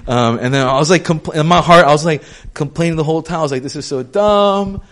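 A young male preacher with a slightly high voice talks to his congregation in an easygoing, conversational way. He tells stories in a lively manner and scatters "um" and "like" through his speech. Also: fast. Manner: chatty, many fillers like "um" and "like", animated storytelling. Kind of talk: casual conversational sermon.

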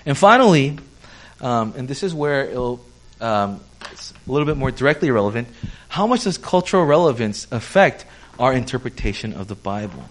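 Preaching conversationally, this pastor has a medium-pitched voice with big swings in intonation and a moderate pace. He explains step by step, checks with his audience by saying "okay?", and performs the voices of those he quotes.

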